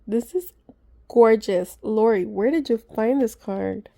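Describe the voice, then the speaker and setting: A woman chatting excitedly to her viewers as she unboxes gifts, gushing and talking to her audience. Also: on the high side, takes it slowly, creaky, a little hiss or hum. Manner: gushing, chatty, many gasps and asides to viewers. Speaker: vlogger.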